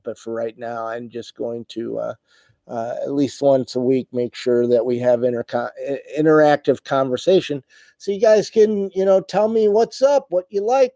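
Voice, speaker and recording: A middle-aged man chats with viewers on a livestream, tired and stumbling through his words with many fillers. His voice is mellow and warm, recorded close and dry with no room sound. He sounds emotional and worn out. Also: medium pitch, dry recording. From United States. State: tired, voice wearing out. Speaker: livestream host. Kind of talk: casual live chat reading viewer comments.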